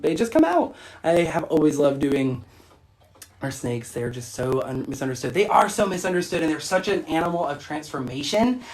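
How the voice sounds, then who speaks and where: Hosting a casual livestream from her phone, this spiritual shop owner laughs a lot and stays bubbly while responding to comments from viewers. Her voice is low-pitched and a little mellow.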